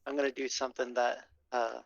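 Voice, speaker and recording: Man playing a tabletop game, gravelly, hesitant casual talk, dull lo-fi mic. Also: medium pitch, little pitch movement, a little fast, no echo. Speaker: player. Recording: dull lo-fi microphone.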